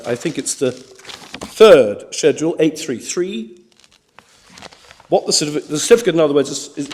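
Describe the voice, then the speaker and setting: A man speaks as a barrister before the bench in a courtroom. His delivery is formal and deliberate, with frequent repeated words as he restarts his phrases. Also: medium pitch, darkish tone. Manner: measured, with frequent stammered restarts. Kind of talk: formal legal submissions.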